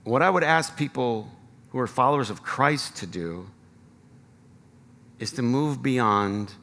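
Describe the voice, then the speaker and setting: A man's voice: medium pitch, a little slow, a bit bright, in a large hall. An American man preaching a sermon as pastor, earnest and rising to emphatic appeals. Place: church sanctuary.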